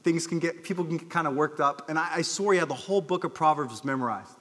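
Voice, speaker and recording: A male pastor delivers an earnest sermon in a church sanctuary, his fairly high voice lifting into emphatic calls and then sinking low and soft. A long hall reverb trails each phrase. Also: fast talker.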